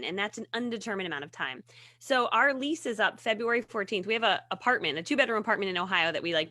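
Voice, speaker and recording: Woman, guest author, bright tone, dry close sound, chatty, laughs a lot. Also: a little high, no echo. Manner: chatty, laughs often, storytelling. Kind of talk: casual chat.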